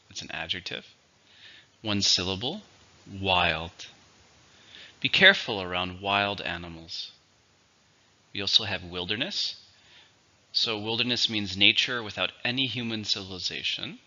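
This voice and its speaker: A man teaching an English vocabulary lesson, pronouncing words slowly and carefully for learners. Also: on the low side, sharp tone. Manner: slow, careful pronunciation drills. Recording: dull lo-fi recording.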